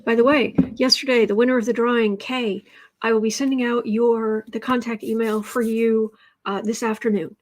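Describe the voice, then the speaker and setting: A woman's voice: fairly high pitch, fairly even intonation, normal speed. A woman from the United States hosting a casual tarot livestream from home, rambling and chatty, with asides to her cat, speaking into a fixed mic off to one side. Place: home room.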